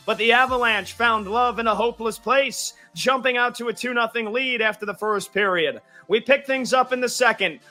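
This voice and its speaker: Bright-voiced man doing a punny sports recap. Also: high-pitched. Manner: punny, dramatic delivery. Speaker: sports segment contributor. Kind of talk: punny scripted hockey recap over music.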